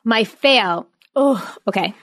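A woman in her thirties hosting a casual chat, animated and talkative. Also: fairly high pitch, takes it slowly. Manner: chatty and animated, acting out her son's voice. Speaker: podcast host.

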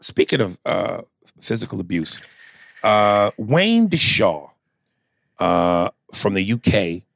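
A man's voice: lowish voice, very animated, slow, creaky, a bit bright. Man reading a letter on a podcast. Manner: irreverent, mock-serious. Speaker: podcast host. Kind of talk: comedic podcast chat, reading a listener letter.

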